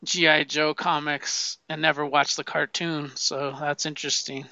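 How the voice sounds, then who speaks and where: A man's voice: a little high, level tone, normal speed, creaky, sharp tone. A man co-hosting a podcast in casual chat, playful and self-mocking, often laughing. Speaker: podcast co-host.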